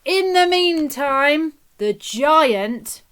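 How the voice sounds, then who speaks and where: A woman telling a children's story in an expressive, dramatic way. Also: high voice, drawn-out words. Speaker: nursery teacher storyteller.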